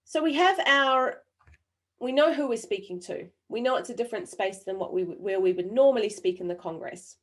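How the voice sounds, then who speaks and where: A woman with a New Zealand accent, worn smooth by years living abroad, leads an online training session over a video call. She speaks deliberately, with frequent pauses and fillers, and keeps the audience involved by asking them questions in the chat. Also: mid-range voice. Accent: New Zealand, softened by years abroad. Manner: engaging, quizzes the audience through the chat. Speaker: webinar presenter.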